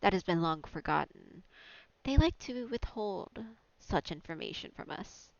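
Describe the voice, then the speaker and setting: A woman voicing an ancient cult priest in a tabletop game, preaching in a measured, gently persuasive way on a dull lo-fi mic. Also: fairly low pitch, animated, no room sound.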